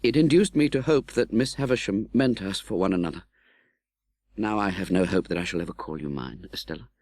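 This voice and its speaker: A man reading an audiobook in scripted narration, expressive and dramatic, voicing the young hero's pleas. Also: low-pitched, a little fast, no echo, studio quality.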